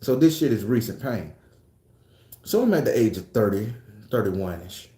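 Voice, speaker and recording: A man in his forties telling a profane, comic personal story, acting out voices and breaking into shouts. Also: lowish voice, normal speed, echoey room. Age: 40s. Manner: animated, profane, acts out voices with bursts of shouting.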